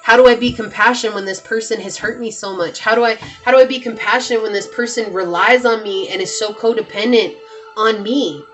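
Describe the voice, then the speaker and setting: A woman's voice: fairly high pitch, fairly even intonation, fairly quick, a bit bright, soft background music. A woman giving a pick-a-card tarot reading, talking straight to her viewers with lots of emphatic repetition. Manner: emphatic, repeats herself, talks straight to viewers. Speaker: tarot reader.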